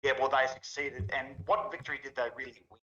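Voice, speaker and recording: A man's voice: mid-range voice, fairly even intonation, fast talker, a crowd in the background. A man co-hosting a casual chat, blunt, profane and exasperated. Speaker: co-host. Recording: dull lo-fi sound.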